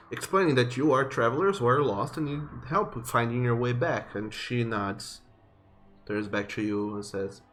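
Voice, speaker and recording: A man narrating a tabletop game as game master, slow and halting with many fillers. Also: mid-range voice, a little hiss or hum.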